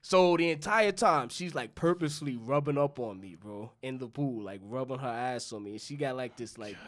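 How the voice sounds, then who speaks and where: A young man from New York tells a long, loose story on a podcast, swearing freely and voicing both himself and the people in it. His pitch sits in the ordinary middle for a man. The talk is relaxed and rambling, among friends. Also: moderate pace. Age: young adult. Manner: loose, profane storytelling, acting out both sides of dialogue. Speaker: podcast co-host. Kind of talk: casual storytelling chat.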